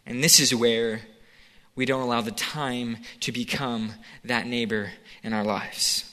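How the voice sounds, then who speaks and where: A man's voice: medium pitch, steady tone, unhurried, sharp tone, in a large hall. A man preaching a sermon in a conversational way, acting out the scene with quoted voices.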